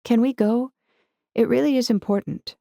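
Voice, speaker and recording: A woman's voice: a little high, moderate pace, creaky, mellow, dry recording, clean studio sound, pitched above the performer's own voice. A woman voicing an earnest, determined teenage girl who pleads urgently, in an audiobook. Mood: uneasy.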